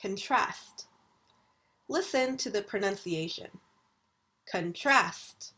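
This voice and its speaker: A woman university English lecturer recording a video lesson, enunciating vocabulary words slowly and deliberately. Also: mid-range voice, a bit bright.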